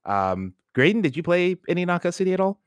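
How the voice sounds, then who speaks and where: A podcast host with a high voice and big pitch swings talks fast, leading a casual gaming show's ranking discussion and swearing freely. The tone is clean, with no echo.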